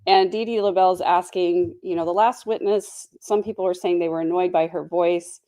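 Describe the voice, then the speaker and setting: Woman, young adult, true crime livestream host; low, mellow, chatty, lots of fillers. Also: steady tone, moderate pace. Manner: chatty, reflective, many fillers. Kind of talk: casual livestream commentary.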